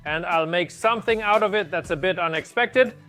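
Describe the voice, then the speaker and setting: A man's voice: high voice, fairly quick, pushed and bright, soft background music. A man from Poland, friendly and explaining each step as he cooks. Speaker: cook. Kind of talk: casual cooking demonstration.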